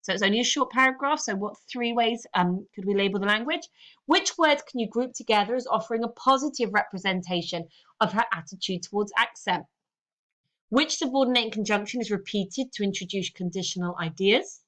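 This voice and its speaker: A woman's voice: mid-range voice, fairly quick. A woman teaching a lesson, talking through a text and often saying "okay". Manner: lively, talks through a text with frequent "okay"s. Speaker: English teacher. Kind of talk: recorded online lesson.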